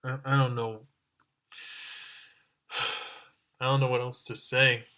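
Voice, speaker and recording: A man's voice: mid-range voice, level tone, slow pace, sharp tone. A man giving a ranting review as an online reviewer, exasperated and exclaiming over and over.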